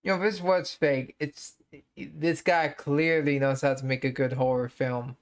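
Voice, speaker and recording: A streamer reacts in casual, loose commentary, swearing freely. The speech stumbles on repeated starts, and the pitch sits mid-range. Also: fairly even intonation, unhurried. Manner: crude, profane, stammering restarts.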